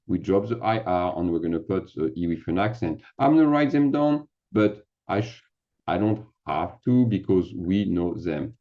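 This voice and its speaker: Deep-voiced teacher, lo-fi sound. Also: male voice. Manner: chatty, self-mocking, thinks aloud while typing. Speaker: French teacher. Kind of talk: casual screen-share lesson.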